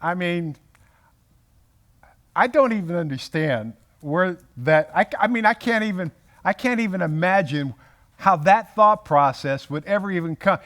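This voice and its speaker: Animated man teaching a Bible study. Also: sits high, measured pace. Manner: animated, self-interrupting, acts out quotes. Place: room with a group.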